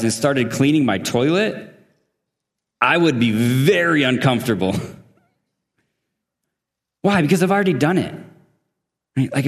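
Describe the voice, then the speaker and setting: A man's voice: mid-range voice, big-room sound. A man preaching as a guest at a church service, conversational, with laughing asides and questions to the congregation. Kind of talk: sermon. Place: church sanctuary.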